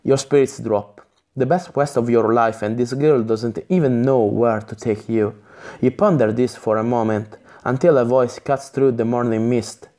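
A man reading an English gamebook on a live stream, in a halting way with chatty asides and self-corrections. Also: mid-range voice, mellow. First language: Italian.

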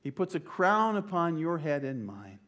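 An older man and pastor, preaching a sermon with slow, emphatic phrasing that sometimes drops to a near-whisper. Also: fairly high pitch, sing-song, a bit bright. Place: church.

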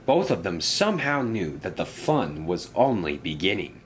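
Male storybook narrator, middle pitch, lively and expressive. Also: normal speed, slight background noise.

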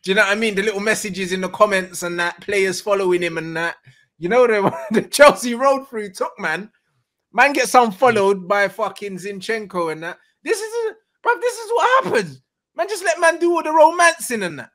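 A man's voice: high voice, big pitch swings, normal speed, a bit bright. A young man talking football in slangy, laughing banter. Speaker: football fan co-host.

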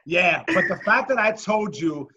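Male comic host, high and husky, brash teasing storyteller, lo-fi video-call sound. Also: expressive, unhurried, sharp tone. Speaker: podcast host and comedian. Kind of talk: casual chat.

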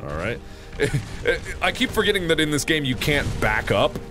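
A man streaming a game live, joking and yelling at enemies, then dropping to low mutters. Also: moderate pace, music in the background. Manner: excitable, jokey, yells at enemies then mutters.

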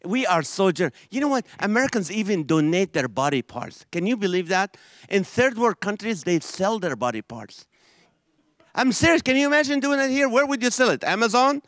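A man from Israel doing a stand-up comedy routine, animated and quick with quoted voices. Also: very high voice, no room sound, clean studio sound.

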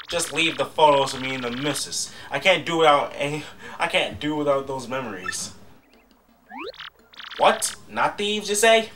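Man doing a cranky old turtle mayor. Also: a little high. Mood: accusing. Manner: loud, cranky and blustering. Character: old grumpy male turtle village mayor. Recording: slightly distant mic with game music.

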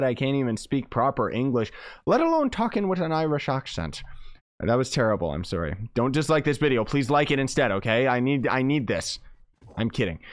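A man's voice: medium pitch, no room sound. A man giving casual game commentary as a YouTuber, rambling and joking at his own expense while he talks through items. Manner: playful, rambling, jokey, self-mocking. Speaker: gaming YouTuber.

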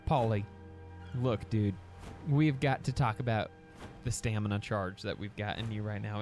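Male gaming host, mid-pitched, lively and expressive, chatty with excitable yelps, soft music under his home-recorded commentary. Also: a little fast. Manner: chatty, animated, prone to excited yelps and stammered restarts. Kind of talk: casual gameplay commentary.

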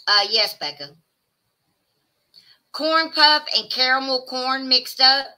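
Southern lady streamer, high very bright voice, chatty and exclaiming. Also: slow. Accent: Southern American. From American South. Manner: chatty, exclaiming, drawling asides to chat. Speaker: livestream host reading chat. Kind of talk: casual chat.

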